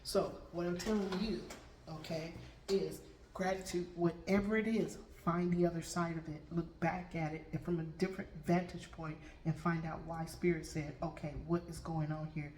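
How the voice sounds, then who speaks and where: A woman's voice: fairly low pitch, fairly even intonation, moderate pace, darkish tone, slight background noise. Woman who keeps asking "okay?", roomy sound. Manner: checks in with "okay?" after nearly every point. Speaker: Reiki master and tarot reader. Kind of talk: spiritual storytelling to viewers. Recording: roomy room with faint background ambience.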